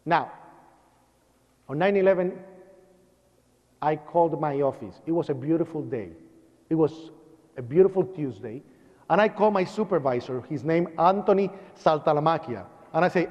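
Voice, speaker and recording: A man giving an eyewitness account as a public lecture, telling it dramatically and acting out shouts and sounds. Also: fairly high pitch, expressive, normal speed, long pauses. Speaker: eyewitness speaker. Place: lecture hall. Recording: reverberant hall, dull broadcast audio.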